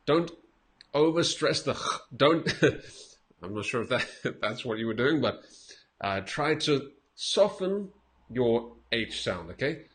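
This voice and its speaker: A man's voice: mid-range voice, expressive, slight background noise. Patient male English teacher. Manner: patient, explains slowly with repeated examples and light laughs. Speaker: English teacher giving feedback. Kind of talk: casual spoken lesson.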